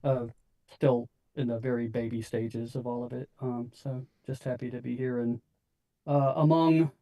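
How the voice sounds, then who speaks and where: A man's voice: medium pitch, warm tone. A middle-aged man, new to voice acting, chatting hesitantly with many fillers. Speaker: new voice actor and player. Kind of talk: casual chat.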